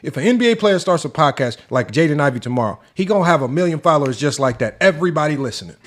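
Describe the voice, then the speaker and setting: Guy on a sports debate show going off, high-ish voice, keeps asking who's stopping him. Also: lively intonation, very fast. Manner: exasperated, mocking, repeats rhetorical questions. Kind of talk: heated commentary rant.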